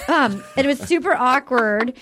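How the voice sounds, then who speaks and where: A woman's voice: sits high, animated, normal speed, sharp tone, slight background noise. A woman in her thirties co-hosting a podcast, chatting casually and acting out quotes from the show she is recapping. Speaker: podcast co-host.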